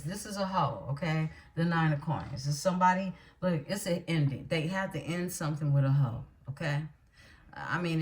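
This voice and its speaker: A woman's voice: on the low side, a little hiss or hum. A woman doing a tarot card reading, blunt and emphatic, often checking in with her listeners as she goes. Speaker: tarot reader.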